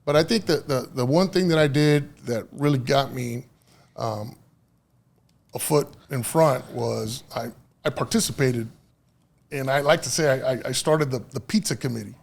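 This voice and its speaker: A man's voice: medium pitch, moderate pace, creaky. A middle-aged man, a podcast guest and union official, telling stories in casual chat, swearing freely and dropping Spanish phrases into his English, with many fillers and restarts.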